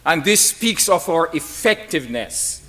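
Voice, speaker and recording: Slow, emphatic preacher with lively pitch. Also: male voice. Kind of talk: sermon.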